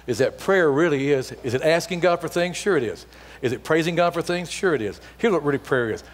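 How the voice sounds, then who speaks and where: A middle-aged man giving a storytelling sermon as a guest speaker, acting out the dialogue as he tells it before softening to a hushed appeal. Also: fairly high pitch, lively intonation, brisk. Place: church sanctuary. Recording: long hall reverb in a church.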